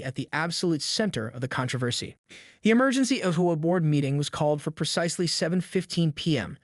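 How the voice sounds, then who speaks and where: A man's voice: fairly high pitch, dry recording, clean studio sound. A man narrating a dramatic scripted story about a neighborhood dispute.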